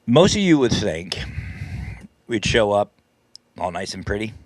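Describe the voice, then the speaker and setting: A man's voice: on the low side, big pitch swings, measured pace, no echo. A man hosting a live stream, casually telling a story in a chatty, self-deprecating way and laughing often. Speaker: paranormal team leader and live stream host.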